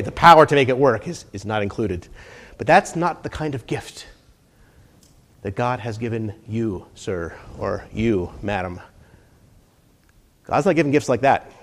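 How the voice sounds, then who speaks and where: A middle-aged or older man preaching a sermon, swinging between hushed and emphatic delivery and repeating key phrases. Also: medium pitch.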